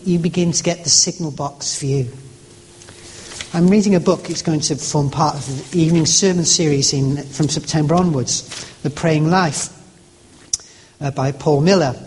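A man preaching a sermon, telling stories in a conversational way with stumbles and asides to the congregation. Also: on the high side. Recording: long reverb of a large hall.

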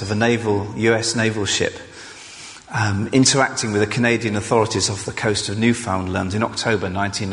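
Chatty male preacher, self-deprecating, low voice, church hall reverb. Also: fairly bright tone. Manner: conversational, self-deprecating, with fillers. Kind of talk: sermon.

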